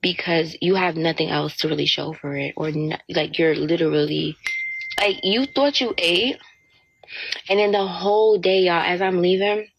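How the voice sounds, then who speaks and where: A woman's voice: on the low side, moderate pace, vocal fry, dull audio. A young woman ranting in an indignant, exasperated storytime, quoting what others said, in a played-back clip with faint noise. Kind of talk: casual storytime rant to camera.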